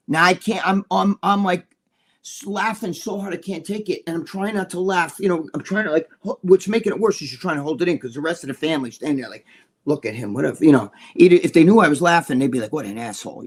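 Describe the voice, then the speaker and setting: Older man, husky voice, slightly high pitch, cursing, lively storyteller, casual podcast chat. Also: fast talker. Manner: profane, animated storyteller, laughs while telling. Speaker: podcast co-host.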